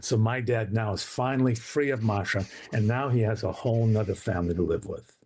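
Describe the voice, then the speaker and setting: A man telling his father's story as a guest on a talk radio show, animated, acting out the voices of the people in it. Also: lowish voice, brisk, slight background noise.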